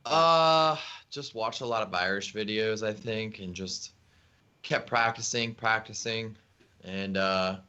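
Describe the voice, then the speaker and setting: A man co-hosting a podcast over a call, joking around in a deadpan, teasing way. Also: fairly low pitch, takes it slowly, clear, resonant tone, muffled recording. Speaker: podcast co-host. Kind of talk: casual joking chat.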